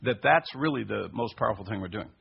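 A man teaching a sermon in an emphatic way, his voice rising to high stressed peaks. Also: animated, fast talker. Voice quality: husky, gravelly. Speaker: Messianic teacher. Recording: dull lo-fi recording.

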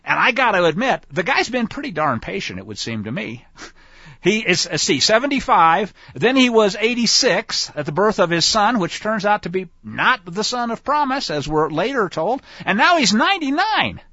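A man talks through Scripture in a folksy, conversational way and often turns aside to his listeners. His voice sits high and swings widely in pitch, with a bright edge. The recording is dry and somewhat dull and lo-fi. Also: big pitch swings, normal speed, dry recording. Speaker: Bible teacher. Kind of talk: conversational Bible teaching.

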